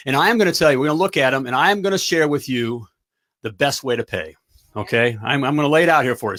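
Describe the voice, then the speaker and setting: A middle-aged man hosting a live talk show, giving an energetic pep talk and checking in often with "all right?". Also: on the high side. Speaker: talk show host and plumbing business coach.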